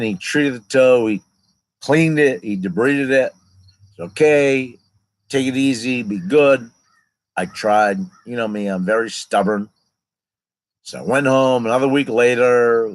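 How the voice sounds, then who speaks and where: A man's voice: medium pitch, no room sound, low-quality recording. A man in his fifties casually telling a long personal story, rambling and digressing as he goes.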